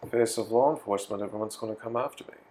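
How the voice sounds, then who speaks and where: A man speaking as a player in a tabletop role-playing game, giving measured in-character lines. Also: lowish voice, noisy background.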